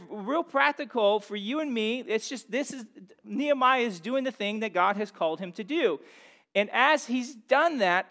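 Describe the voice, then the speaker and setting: A man in his thirties delivers a sermon in a high-pitched voice. He talks in an easygoing, conversational way, often checking in with the congregation through questions. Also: a bit bright. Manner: conversational, asks the room questions. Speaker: pastor.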